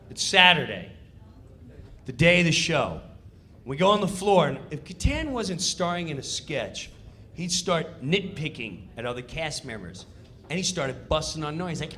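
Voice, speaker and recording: A man telling a comedic story, acting out voices and countdowns in an animated way. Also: fairly high pitch, unhurried, long pauses.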